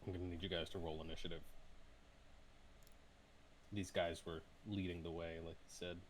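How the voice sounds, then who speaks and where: A man narrating a tabletop game as game master, in measured, descriptive narration. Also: sits low, flat delivery, slight background noise.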